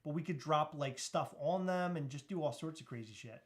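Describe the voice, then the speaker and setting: A man's voice: on the high side, fairly quick. A man co-hosting a live podcast stream, reading chat comments aloud and laughing easily in loose, casual talk that swears freely. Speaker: podcast co-host.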